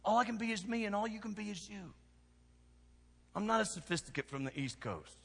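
A man from Kentucky with a Southern accent, a pastor preaching a sermon that swings from hushed lows to shouted exhortation. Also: animated, brisk, gravelly, slightly rough. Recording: long hall reverb.

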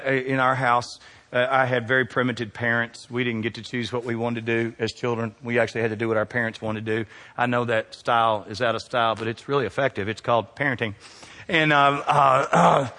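A man preaching a sermon, calling out questions to the congregation, his voice climbing high and loud, then sinking low and quiet. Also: long reverb tail. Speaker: pastor.

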